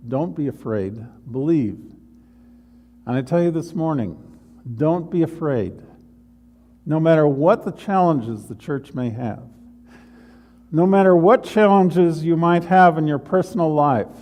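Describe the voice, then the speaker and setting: A male pastor delivering an earnest, unhurried sermon in a church. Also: medium pitch, dark tone. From United States. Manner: slow, earnest preaching with pauses. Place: church sanctuary.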